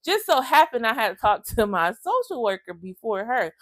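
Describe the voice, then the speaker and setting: At a moderate pace and with a fairly high voice, a woman tells her own story to camera for her vlog. She's emotional and lively, impersonating others' lines and chatting with viewers she calls "y'all." No room sound is audible.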